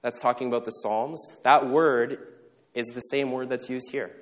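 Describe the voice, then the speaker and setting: Speaking at a mid-range pitch with fairly even intonation, a male pastor preaches casually and jokingly, recorded with long reverb like a large church sanctuary. He tosses in quick asides, jokes, and short questions to the room.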